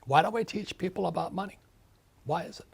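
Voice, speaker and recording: A man's voice: high voice, fairly quick, gravelly, breathy edge. An older man in his seventies, an author being interviewed, speaking emphatically in a ranting way. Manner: emphatic, ranting, acts out quoted voices. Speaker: author and guest.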